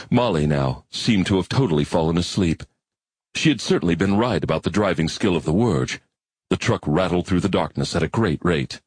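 A man narrating a science-fiction audiobook in an expressive storytelling manner. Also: low-pitched, breathy edge, no room sound. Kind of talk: scripted narration.

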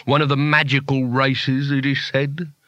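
A man's voice: mid-range voice, flat delivery, unhurried, a bit bright, no echo, dull audio, lightly acted. A man voicing an old male dwarf jeweller who mutters his lines in a world-weary, resigned way.

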